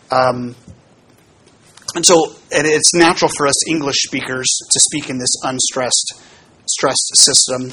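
A man, a pastor, giving a relaxed teaching talk to his congregation about how hymns are built, explaining with fillers and small asides. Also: medium pitch, husky.

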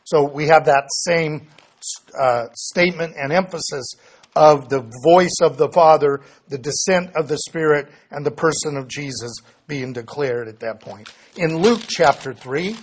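A man with a slightly raised, husky voice leads a Bible study lesson. He reads scripture passages aloud and then explains them in plain terms, often catching and correcting his own slips. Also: fairly high pitch, a little slow. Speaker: Bible teacher.

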